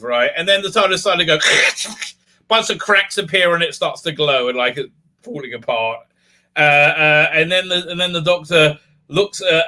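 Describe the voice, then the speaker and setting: Sarcastic, bright-voiced male reviewer. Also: on the high side. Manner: sarcastic, animated, laughing rant. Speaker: video reviewer. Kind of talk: casual episode recap and review.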